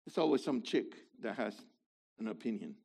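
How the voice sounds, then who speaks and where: A man preaching a sermon in an animated way, swinging between loud emphasis and quiet asides, with playful remarks along the way. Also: on the low side, moderate pace, slightly rough.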